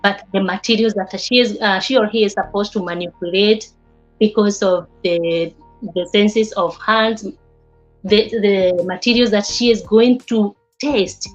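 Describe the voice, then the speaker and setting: A woman teaching a class on early childhood development, speaking haltingly and often repeating or restarting words. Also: medium pitch, fairly even intonation, soft background music. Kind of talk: class lecture with students. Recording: slightly dull lo-fi recording.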